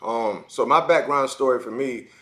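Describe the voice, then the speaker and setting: Man, forties, from South Carolina, podcast guest, lively storyteller, repeats himself, mid-pitched voice. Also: moderate pace. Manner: animated, repeats words, acts out kids' voices. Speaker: former football player guest.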